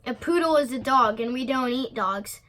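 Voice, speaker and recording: A woman's voice: sits high, moderate pace, fairly bright tone. A woman voicing a firm, proper mother cat who corrects her children, in a storybook read-aloud. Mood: stern.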